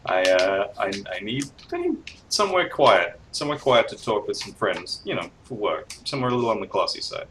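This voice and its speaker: A man's voice: fairly low pitch, sing-song, a little fast, hardly any pauses, fairly bright tone, a little hiss or hum. A man voicing a male ex-special-forces runner who makes hesitant, clipped requests.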